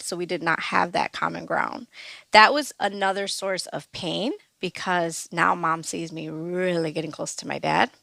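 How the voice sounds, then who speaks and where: A woman's voice: mid-range voice, creaky, pushed and bright, no echo. A woman, a guest on a podcast, tells a personal story in a conversational way, acting out quoted voices and laughing often.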